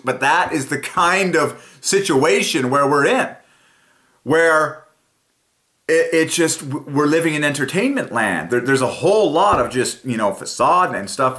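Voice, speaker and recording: Guy preaching to the camera, rambly and halting, lots of likes and ums, normal pitch. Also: sharp tone. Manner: rambling, halting, many fillers and restarts. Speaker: Christian channel host. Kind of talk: rambling spoken sermon to camera.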